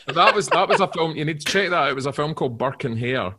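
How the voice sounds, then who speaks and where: A middle-aged Scottish man, an actor guest on a podcast, telling animated anecdotes with swearing and acted-out quotes. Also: on the high side, quick pace, noisy background. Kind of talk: podcast storytelling.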